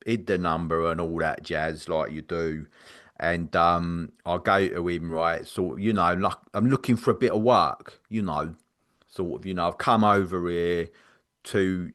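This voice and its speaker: A podcast co-host tells a story casually, rambling, laughing as he goes, and using lots of fillers. He has a low-pitched, fairly bright voice.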